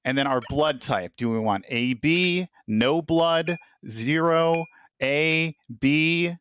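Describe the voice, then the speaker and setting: A man presenting his game run on a stream, talking in relaxed casual chat and directing the others. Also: fairly high pitch, slow pace, clean tone, no echo.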